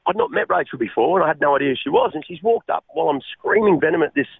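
Gravelly Australian man on a phone line. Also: fairly high pitch, animated, dry recording. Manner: halting, repeats words, calls the host mate. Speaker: radio interview guest. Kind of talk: personal storytelling on radio.

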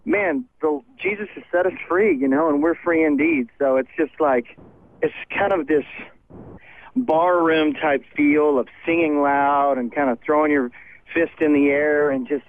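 A man's voice: fairly high pitch, measured pace, a little hiss or hum. A man, a touring musician, talking with upbeat, laid-back ease on a phone call into a live radio show while walking around a concert venue. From United States. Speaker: touring worship musician, guest. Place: outside a tour bus, walking into a concert venue. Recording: tinny phone line.

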